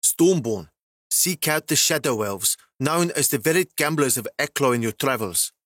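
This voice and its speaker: A man's voice: medium pitch, expressive, moderate pace, fairly bright tone, dry recording, clean studio sound. A man voicing a secretive male shadow elf assassin in a storybook, with a muffled voice, speaking solemnly and evenly.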